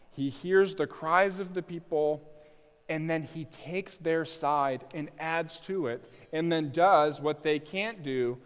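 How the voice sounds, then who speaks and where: A man preaching an expository sermon, slowing down for emphasis and swelling loud on the quoted cries. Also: a little high. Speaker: pastor. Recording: long hall reverb.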